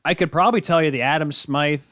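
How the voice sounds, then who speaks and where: A male podcast host chats casually about hockey, rambling, joking, and correcting himself as he goes. He talks fast in a fairly high, slightly bright voice, and the studio sound is clean with no echo.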